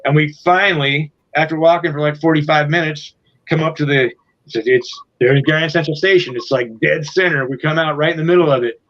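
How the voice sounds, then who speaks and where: A man's voice: fairly high pitch, a little fast, fairly bright tone, lo-fi sound. A man guesting on an interview show, telling a profane, rambling tour story in a casual way, full of fillers. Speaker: guest musician.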